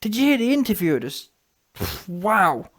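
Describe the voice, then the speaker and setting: Scornful high-voiced man ranting. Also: moderate pace. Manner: animated, scornful, repetitive. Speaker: boxing commentator. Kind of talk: ranting commentary vlog.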